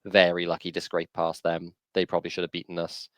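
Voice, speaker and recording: A man's voice: deep voice, completely flat delivery, fairly quick, no echo. A man co-hosting a casual podcast over a video call, rambling and opinionated with frequent restarts. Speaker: podcast co-host.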